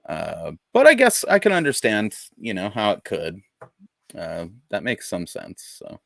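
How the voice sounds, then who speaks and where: Man, very low voice, gravelly, dry close sound, rambling podcast co-host. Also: huge pitch swings, a little slow, a bit bright, no echo. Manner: laid-back, rambling, swears freely. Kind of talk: casual chat.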